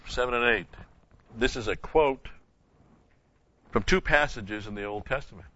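A man's voice: mid-range voice, moderate pace, sharp tone, dry recording, highs cut off. A man teaching a verse-by-verse Bible lesson, asking the class questions and answering them himself, stressing key words with emphatic repetition.

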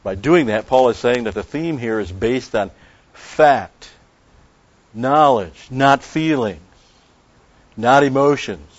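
A man teaching the Bible in an expository sermon, emphatic, repeating key phrases and slowing down on Greek words. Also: mid-range voice, lively intonation. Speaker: preacher. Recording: dull lo-fi recording.

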